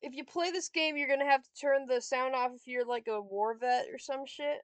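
A woman's voice: high-pitched, normal speed, dry recording. A young woman casually commentating her own board game play, frustrated, swearing and talking to herself. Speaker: streamer playing a board game.

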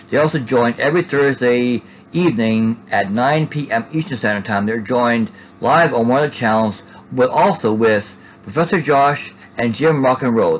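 A man's voice: mid-range voice, a little hiss or hum, poor audio. A man casually narrating an unboxing at home, rambling and tacking "there" onto his sentences. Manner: rambling, repeats "there" and restarts often. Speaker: Funko collector vlogger.

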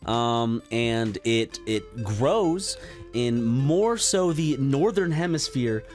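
A man's voice: medium pitch, lively intonation, slow pace, a little mellow, soft background music. A young man co-hosting a casual chat, telling stories in a rambling way with many stops and restarts. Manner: rambling storyteller, full of fillers and restarts. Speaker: podcast co-host.

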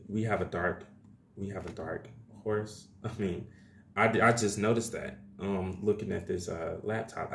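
A man's voice: fairly low pitch, gravelly, slight background noise. A man doing a casual tarot reading to camera, talking loosely and chattily with plenty of slang, calling his viewers y'all. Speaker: tarot reader. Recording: echoey room.

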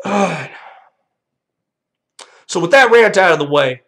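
A man's voice: high-pitched, animated, takes it slowly, pushed and bright. A young man hosting a vlog, delivering a profane, combative rant straight to viewers. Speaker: channel host.

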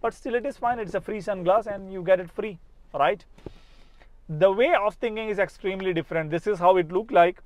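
A man's voice: high voice, a little fast, dry recording. A man with a Malayalam accent, a native Malayalam speaker teaching spoken English, talking earnestly and often checking in with "right?". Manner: earnest, repeats words and asks "right?". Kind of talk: motivational spoken-English lesson. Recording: dry, slightly dull sound.

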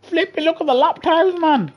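A man with a British accent giving chatty, excitable live commentary on a racing game over a headset mic, laughing often and grumbling in mock outrage. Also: very high-pitched, moderate pace, muffled recording. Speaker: gaming streamer. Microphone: gaming headset.

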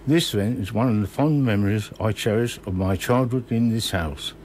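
A man in his sixties from Kent, reading his own memoir slowly and measuredly in a radio studio. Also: lowish voice, a little mellow, a little hiss or hum.

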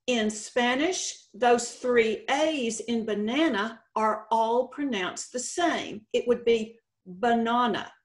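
A woman with a Texan accent giving a conference presentation with slides, explaining slowly and deliberately, stretching out example words. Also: on the high side. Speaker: state contest director presenting. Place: conference session room.

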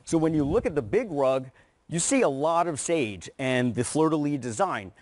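A man pitching rugs as a guest on a home shopping broadcast, enthusiastic and persuasive. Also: expressive, moderate pace, a little mellow, dry recording. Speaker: rug company representative. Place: TV studio.

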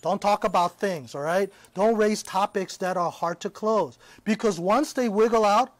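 Male Bible teacher with a high voice on a dry close mic, conversational preacher who keeps checking in. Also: normal speed, no echo. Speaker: Christian teacher. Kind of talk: live-streamed Bible teaching.

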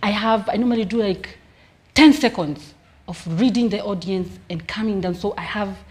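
A young woman with a Kenyan accent chats about her career in an interview. She tells her stories in a lively way, often breaking into laughter, her voice sitting at a medium pitch. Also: moderate pace. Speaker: comedian guest. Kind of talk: casual interview chat.

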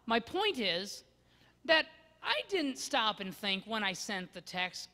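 A man preaches a sermon in a fairly high voice. He is expressive, pressing hard on some words and dropping to hushed asides on others. The sound carries a long reverb from the church sanctuary. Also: slow pace. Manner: expressive, swinging from loud emphasis to hushed asides. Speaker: pastor.

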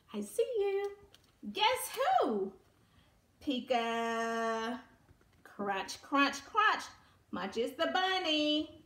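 A woman's voice: sits high, very animated, extremely slow, fairly bright tone, echoey room. A woman preschool teacher reading a picture book aloud to young children, sing-song and exaggerated, coaxing them to join in. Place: room at home.

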